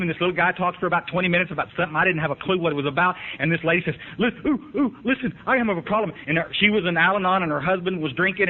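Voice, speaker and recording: A man telling his recovery story in a folksy, emphatic way, often asking the room if they follow. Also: on the high side. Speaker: recovery speaker. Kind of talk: recovery meeting talk. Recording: tinny lo-fi archive tape.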